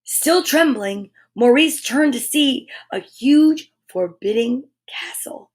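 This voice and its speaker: A woman reads a children's storybook aloud in a slightly high voice, taking her time over every phrase. She is animated and breaks off with gasps and little asides to the children listening. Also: slow pace, hardly any pauses. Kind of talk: reading a picture book aloud to children.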